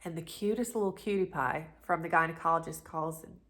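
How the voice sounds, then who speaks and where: A woman's voice: deep voice, fairly quick. A middle-aged woman, casually telling a personal story to camera, chatty and full of asides. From North Carolina, USA. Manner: chatty and animated, with many restarts and asides. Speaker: lifestyle vlogger.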